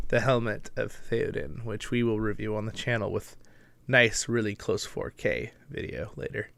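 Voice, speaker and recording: A man's voice: mid-range voice, vocal fry, bright, forceful tone. A man hosting a casual livestream, chatty and upbeat, greeting viewers by name and laughing often, with a bit of a morning voice. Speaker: livestream host.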